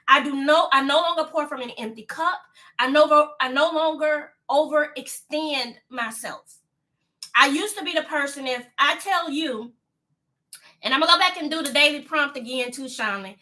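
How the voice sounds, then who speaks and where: A woman in her fifties with a high, bright, sharp voice talks casually to a live audience. She repeats her points for emphasis, drags out the lines she wants to land, and breaks off to greet viewers by name. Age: 50s. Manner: slows down to stress key lines. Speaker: vlogger on a live stream.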